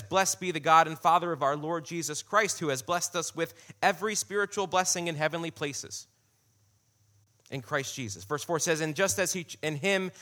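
A man's voice: a little high, pushed and bright. A man preaching a sermon in a conversational way, repeating key phrases for emphasis.

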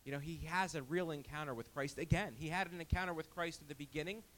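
A man delivers a sermon with a slightly high voice for a man. He swings between lively emphasis and hushed, quiet passages, repeating and restarting words as he goes. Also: fast, slight background noise. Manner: animated, emphatic, with frequent restarts. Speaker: pastor.

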